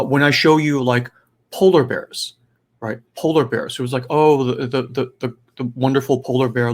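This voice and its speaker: A man giving a live online teaching talk on a video call, in a conversational way, often checking in with "right?" and "you know". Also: medium pitch. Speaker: spiritual teacher and advisor.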